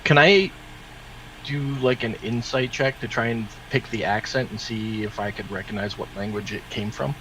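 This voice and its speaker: A man's voice: lowish voice, moderate pace, sharp tone, slight background noise, rough recording. A man playing a tabletop game, talking in a practical, organizing way. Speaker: player. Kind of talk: casual tabletop play.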